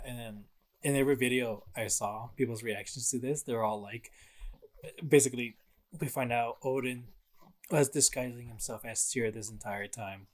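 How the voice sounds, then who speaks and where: A man co-hosting a casual podcast, recapping a game's plot in an easygoing way with frequent fillers. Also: mid-range voice. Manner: relaxed recapping with fillers and laughs. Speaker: podcast co-host. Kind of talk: casual chat.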